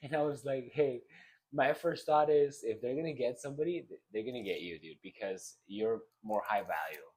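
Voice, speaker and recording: A man's voice: mid-range voice, moderate pace, a little mellow, husky. A young man co-hosting a casual podcast, rambling through a story and laughing often. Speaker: podcast co-host. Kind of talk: casual chat.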